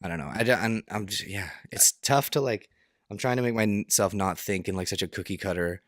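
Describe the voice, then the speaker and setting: A young man with a deep, low voice co-hosts a casual podcast. He rambles, restarts his sentences and leans on fillers. The sound is dry and close, with no room around it. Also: a little fast, fairly bright tone, no echo. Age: young adult. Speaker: podcast co-host. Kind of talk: casual chat.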